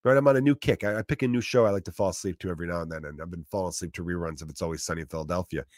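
A man's voice: deep voice, racing, a little mellow, no room sound, studio quality. A man in his thirties with a profane, rambling style in a casual comedic monologue.

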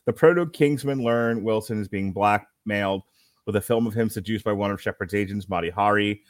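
A man co-hosting a film review podcast, reading a plot summary aloud in a halting way, stumbling over names and correcting himself. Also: on the low side, no room sound. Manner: halting read with self-corrections. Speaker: podcast co-host.

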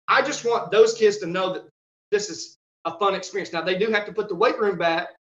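High-voiced coach guy telling stories on a podcast, acts out quotes, roomy dull-ish audio. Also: a little fast. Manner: animated storyteller, acts out quotes, laughs. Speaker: high school strength coach. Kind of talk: casual podcast storytelling.

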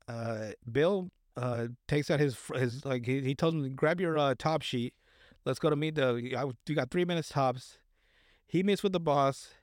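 Recapping a movie on a podcast, this male co-host meanders, curses a lot, and performs the characters' dialogue. He speaks at medium pitch, and the sound is clean studio audio with no room sound.

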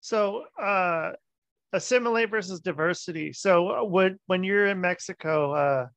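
A man hosts a podcast, talking very slowly and haltingly as he gropes for words, in a slightly high voice. The sound is dry and close, with a dull lo-fi quality. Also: creaky, a bit bright, no echo. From United States. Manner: halting, searching for words, many fillers. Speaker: podcast host. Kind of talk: casual interview conversation.

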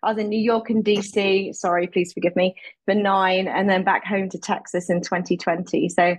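A woman's voice: mid-range voice, little pitch movement, moderate pace, dry recording, low-quality recording. A British woman chatting as a podcast guest, laughing often, talking over a remote call. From Britain. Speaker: guest, advocate. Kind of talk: casual podcast interview.

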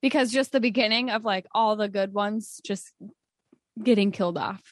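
A woman's voice: medium pitch, normal speed, no echo. Chatty laughing woman, dry sound. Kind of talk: casual chat.

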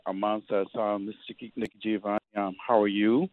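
A man's voice: lowish voice, flat delivery, fairly quick, hardly any pauses, no echo. A man calling in to a radio show, effusive and emotional as he gushes his thanks. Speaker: caller. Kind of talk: call-in radio. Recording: dry tinny phone line.

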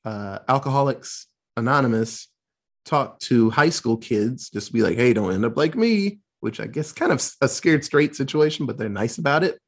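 A podcast host with a medium-pitched voice recaps a movie in casual chat. He's loose and profane, acting out quotes in quick voices.

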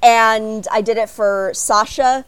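American woman from chicago on a fan panel, kinda high voice, animated storytelling. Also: takes it slowly, clear, resonant tone. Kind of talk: panel talk to a live audience.

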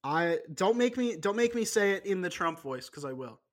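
High-pitched guy rambling and joking on a podcast, lots of restarts. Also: expressive, normal speed. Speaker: podcast co-host. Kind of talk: casual chat.

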